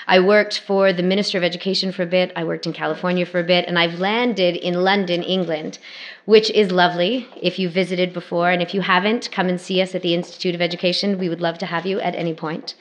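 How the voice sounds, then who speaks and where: A woman's voice: lowish voice, a bit bright. Wry woman giving a lecture. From Canada. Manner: wry, self-deprecating humor, brisk and conversational. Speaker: academic guest speaker. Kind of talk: public lecture to alumni.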